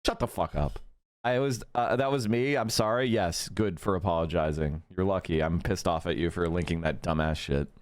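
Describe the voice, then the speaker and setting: A man's voice: deep voice, normal speed, no room sound. A man in his thirties ranting profanely and mockingly during a live stream commentary.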